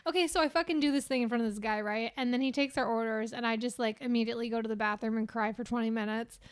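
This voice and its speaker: A young woman with a high-pitched voice co-hosts a casual podcast. She tells stories in an animated way and swears freely. She laughs often as she talks. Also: fast talker, clear, resonant tone. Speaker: podcast co-host. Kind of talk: casual chat.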